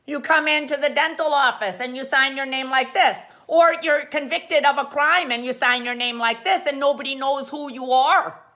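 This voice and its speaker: Bright-voiced woman hosting a playful lesson. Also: high-pitched, normal speed, hardly any pauses. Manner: playful, rambling, jokey asides. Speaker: host. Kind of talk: comic how-to demonstration.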